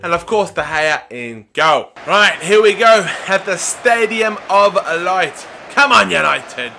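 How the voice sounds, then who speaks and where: Excitable young man shouting commentary. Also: high voice, slow, gravelly, faint music behind. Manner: excitable, often shouting at players. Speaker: gaming YouTuber. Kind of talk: excited video game commentary.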